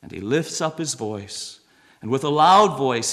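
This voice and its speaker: A man preaching a sermon, reading scripture slowly and swinging between a hushed voice and raised, emphatic lines. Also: mid-range voice, lively intonation. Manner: reads scripture aloud with slow emphasis.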